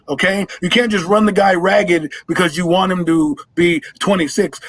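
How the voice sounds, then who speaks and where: Man, call-in caller, heated rant, husky, fairly high voice, shouting. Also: dry recording. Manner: loud, heated, fast, often shouting. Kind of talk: fired-up fan rant.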